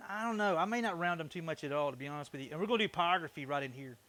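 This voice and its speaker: Man, middle-aged, bright, woodworking livestream, casual chatter, jokey. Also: fairly high pitch, expressive, very fast, dry recording. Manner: chatty, joking, thanks viewers often. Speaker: woodworking streamer. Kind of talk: casual live-stream chat while working.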